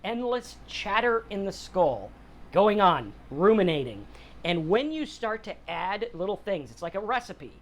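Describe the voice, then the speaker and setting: Unhurried and high-voiced, with big swings in pitch, a middle-aged podcast host chats plainly about sobriety and mental health. His casual, motivational talk features quotes performed in other voices.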